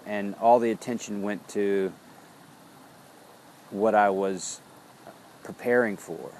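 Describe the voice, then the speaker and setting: Low-voiced man doing a slow body check-in. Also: fairly even intonation, darkish tone, slight background noise. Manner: slow, introspective, searching for words. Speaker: founder of a wellness business. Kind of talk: reflective spoken body check-in.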